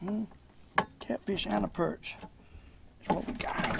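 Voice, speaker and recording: An older man giving folksy, excited fishing commentary from a boat on a lake. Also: high-pitched, takes it slowly, gravelly, pauses often, very noisy. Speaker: fishing channel host.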